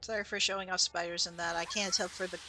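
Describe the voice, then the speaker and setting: A woman's voice: on the low side, flat delivery, quick pace, creaky, bright, forceful tone. A woman streamer giving casual, chatty commentary while she plays, explaining game lore and laughing at her own mistakes.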